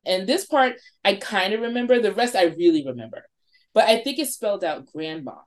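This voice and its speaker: A woman in her forties from New York, a podcast guest telling a spooky story in a lively way, swearing freely and acting out her friends' lines. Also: mid-range voice, a little fast. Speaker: podcast guest, wine shop owner.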